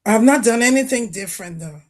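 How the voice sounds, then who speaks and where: A woman's voice: a little high, expressive, brisk, darkish tone. A woman from Liberia on a video call, speaking emphatically and sternly in a casual group discussion and retelling her own exchanges. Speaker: panel guest.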